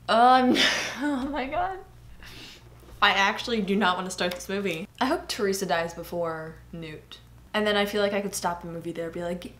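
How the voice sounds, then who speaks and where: A woman giving casual movie reaction commentary, excitable and swearing as she talks back to the screen. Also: on the low side, slight background noise.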